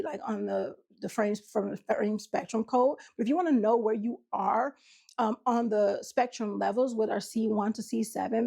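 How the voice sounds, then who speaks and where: A woman's voice: a little high, vocal fry, darkish tone, husky. A woman relationship coach with a country twang, talking casually to camera, laughing often and acting out what people say. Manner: chatty, laughs often, acts out quotes.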